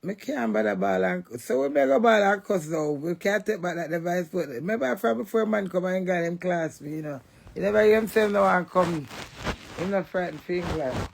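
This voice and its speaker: A woman's voice: on the low side, animated, moderate pace, creaky. A woman with a Jamaican accent in a brash, fiery, swearing rant. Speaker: social media personality. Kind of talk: ranting monologue.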